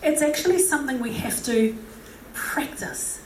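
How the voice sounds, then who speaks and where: A middle-aged woman with a high, lively voice speaks at normal speed, sounding far from the mic in an echoey hall with faint noise. She gives a humorous, self-deprecating talk, laughing often and acting out quotes.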